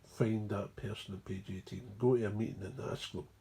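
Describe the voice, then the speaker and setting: A man's voice: on the low side, steady tone, moderate pace, dark tone, slightly rough. A Scottish man, mumbling and digressive, explaining a recovery program in a rambling way. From Scotland. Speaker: recovery speaker.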